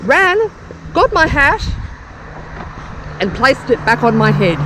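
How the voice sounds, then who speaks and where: A woman's voice: sits high, lively intonation, unhurried, long pauses, background noise. An Australian woman vlogging casually from her wheelchair on a street, telling stories in a chatty, self-mocking way. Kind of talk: casual vlog to camera.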